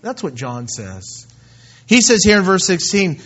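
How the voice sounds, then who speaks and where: A man's voice: on the high side, animated, normal speed. Emphatic preacher man, dull recording. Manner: emphatic, swings between soft asides and loud bursts. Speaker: pastor. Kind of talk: sermon.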